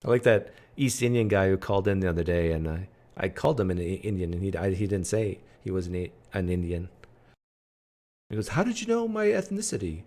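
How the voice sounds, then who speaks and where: A man's voice: sits low, fairly even intonation, brisk, dark tone. A man hosting a livestream from home, chatting casually and answering viewers' comments aloud. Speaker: livestream host. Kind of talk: casual live chat with viewers.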